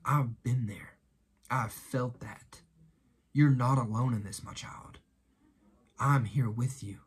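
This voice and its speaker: A man quietly puts on a tender, consoling Jesus, speaking low and soft with a husky edge. He piles up gentle reassurances one after another, always hushed. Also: takes it slowly.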